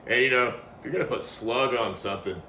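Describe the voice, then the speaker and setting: A man's voice: medium pitch, a little fast. A man co-hosting a casual music podcast, cracking jokes and swearing as he chimes in. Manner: jokey, swears, lively interjections. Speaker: podcast co-host. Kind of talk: casual review chat. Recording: echoey room, faint noise.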